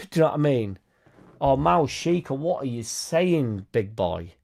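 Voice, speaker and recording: A man's voice: medium pitch, big pitch swings, measured pace, creaky, a little mellow. Brief: young man, casual live-stream host, blunt and sweary, rambles on. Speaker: football fan channel host.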